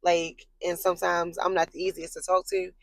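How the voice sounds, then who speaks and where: A woman telling a long personal story straight to camera in a casual, rambling way, full of fillers and blunt swearing, getting animated when she's worked up. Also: moderate pace, dry recording, low-quality recording. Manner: animated, jumps high in pitch when worked up.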